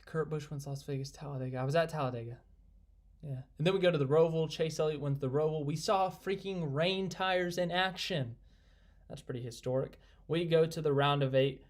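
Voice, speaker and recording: Excitable young man hosting a live stream. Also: a little high, fairly quick. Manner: rambling, excitable, reads viewer comments aloud. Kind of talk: casual live stream chat.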